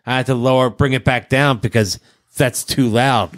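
Man, podcast co-host, rambling casual chat, repeats phrases, mid pitch, dry close mic. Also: steady tone, normal speed, no echo. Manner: rambling, repeats himself, restarts.

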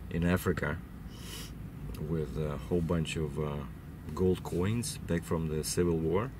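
A man's voice: low-pitched, background noise. A man who drives trucks, with a cold and a runny nose, chatting on at length with lots of fillers and restarts. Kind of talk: casual vlog storytelling. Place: inside a truck cab.

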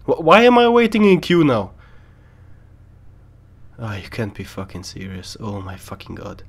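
A man's voice: medium pitch, wildly swooping pitch, moderate pace, long pauses, breathy edge. A young man with a German accent, hosting a gaming channel and ranting with frequent swearing as he waits in a queue. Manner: swearing, exasperated outbursts. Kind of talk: ranting gameplay commentary.

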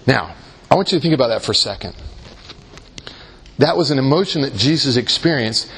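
A man's voice: medium pitch, expressive, fairly quick, fairly bright tone, slightly rough. A man leading a Christian workshop in a conversational way, often asking his listeners rhetorical questions and making jokes at his own expense. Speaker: workshop leader.

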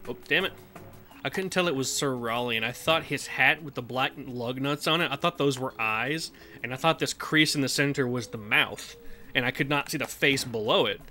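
A man's voice: mid-range voice, moderate pace, bright, forceful tone, faint music behind. A man casually commenting while he plays a video game, chatty and swearing now and then while answering chat. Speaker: let's play streamer.

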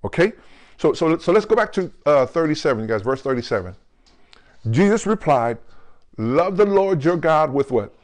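Lively preaching man working the crowd. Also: on the high side. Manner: calls out to the congregation with questions like "right?" and "come on"; slows and stresses key words when quoting scripture. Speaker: pastor. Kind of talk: sermon.

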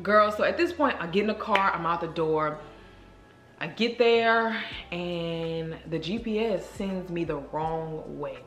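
A woman vlogger telling a story to her viewers in a chatty, animated way, speaking straight to the camera. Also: lowish voice, measured pace. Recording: roomy echo.

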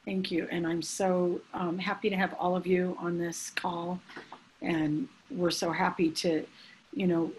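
A woman, a church leader hosting a preaching class over a call, gushing and excited as she speaks. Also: on the low side, slight background noise, low-quality recording. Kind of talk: enthusiastic informal hosting on a call.

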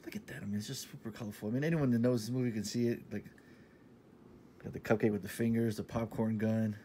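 A man in his thirties talking casually in a shopping haul vlog, enthusiastic and repetitive, sometimes dropping to a soft half-whisper. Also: fairly low pitch, fairly even intonation, quick pace, a little hiss or hum. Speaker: vlogger showing a shopping haul.

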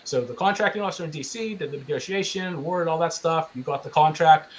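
Man, slightly high voice, earnest and emphatic webinar presenter on a video call mic. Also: quick pace, slight background noise, rough recording. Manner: earnest, emphatic, conversational teaching. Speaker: small business procurement specialist presenting.

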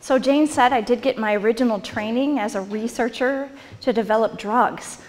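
Woman, somewhat high voice, informal workshop talk, chatty presenter, long hall reverb. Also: unhurried. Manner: conversational, chuckles between points, asks audience questions. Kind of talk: informal lecture to an audience. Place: hall or meeting room with an audience.

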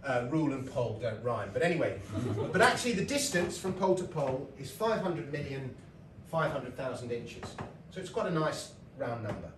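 A man's voice: mid-range voice, very animated, moderate pace, few pauses, background noise. A middle-aged British man giving a comic lecture, telling stories with asides and laughs. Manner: chatty storytelling with laughs and asides. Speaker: lecturer and comedian. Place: lecture hall with live audience. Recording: roomy hall mic from a distance.

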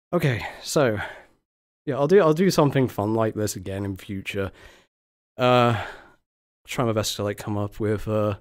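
A young man with a slightly low voice, winded and tired after exertion. He chats loosely on a live stream, sighing and catching his breath between words. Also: measured pace, pauses often. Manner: breathless, sighing, grateful and laughing. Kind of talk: casual live-stream chat.

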